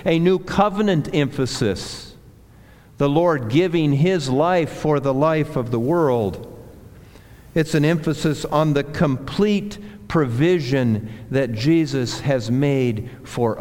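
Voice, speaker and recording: Slow, deliberate preaching man in a reverberant hall. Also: on the high side, a little mellow. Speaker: pastor. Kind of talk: sermon. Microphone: handheld or clip mic that slipped.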